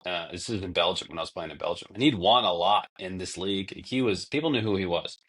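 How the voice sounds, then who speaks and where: Low-voiced man telling long stories. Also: fast talker, a bit bright, husky. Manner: long-winded storytelling, acts out quotes. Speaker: podcast guest, former basketball player. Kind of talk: casual conversation.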